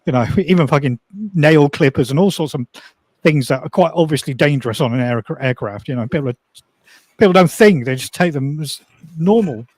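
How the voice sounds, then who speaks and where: A man in a casual group chat, telling animated stories and swearing freely. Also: on the high side, fairly quick, no echo. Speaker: regular chat guest.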